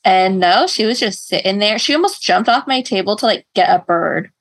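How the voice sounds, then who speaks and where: A woman's voice: medium pitch, lively intonation, normal speed. A woman co-hosting a podcast, chatting casually, telling stories and laughing often. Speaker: podcast co-host. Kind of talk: casual chat.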